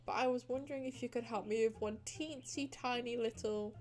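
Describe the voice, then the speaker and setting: A woman's voice: fairly high pitch, fairly even intonation, fairly quick, natural voice. A woman voicing an overworked, stubborn young wife in a cozy game, pleading and bargaining.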